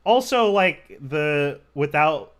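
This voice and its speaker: A man's voice: fairly high pitch, expressive, slow, a bit bright, a little hiss or hum. A man commentating on a card game match, talking casually and rambling through stories with lots of filler words. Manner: rambling, filler-heavy storytelling.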